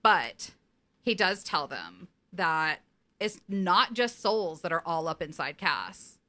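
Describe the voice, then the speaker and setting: Bright-voiced, animated young woman podcaster. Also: fairly low pitch, slow pace. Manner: animated, laughing, profane. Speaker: podcast co-host. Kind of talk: casual recap chat.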